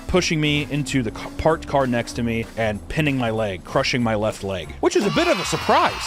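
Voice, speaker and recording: A man at an ordinary mid pitch tells a story to his viewers, casual and profane. He swings between low asides and loud bursts as he acts out his own shouting, with faint music underneath. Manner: profane and animated, loudly acting out his own yelling. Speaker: YouTuber.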